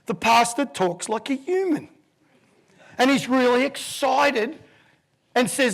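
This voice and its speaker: Man, 50s, keynote speaker; lively storyteller with a high, gravelly voice. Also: takes it slowly, pauses often. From Australia. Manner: vivid, animated storyteller who acts out voices.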